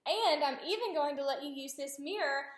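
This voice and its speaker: A woman's voice: sits high, normal speed. A woman speech therapist giving patient, encouraging instructions in a clinical demonstration. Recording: roomy echo.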